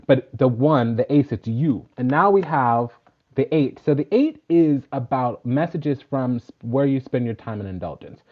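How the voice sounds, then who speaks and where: A man's voice: medium pitch, lively intonation, normal speed. A man who works as a spiritual teacher gives a casual sermon, emphatic and profane, preaching in rhythmic lists. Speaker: spiritual teacher and tarot reader. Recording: dull lo-fi recording.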